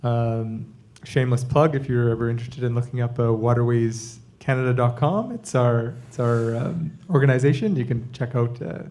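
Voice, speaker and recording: A man panelist giving easygoing closing remarks with a small joke, halting with fillers. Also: medium pitch, darkish tone.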